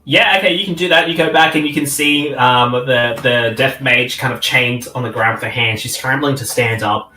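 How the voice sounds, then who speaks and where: A man narrating a tabletop game as game master, animated and giggly, with many fillers. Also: mid-range voice, normal speed, few pauses. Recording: roomy echo with faint music.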